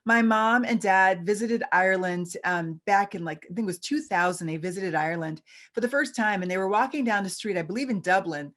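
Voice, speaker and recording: A woman's voice: medium pitch, brisk, few pauses, fairly bright tone. A woman giving a church teaching presentation as a visiting scholar, earnest and conversational, repeating key points for emphasis.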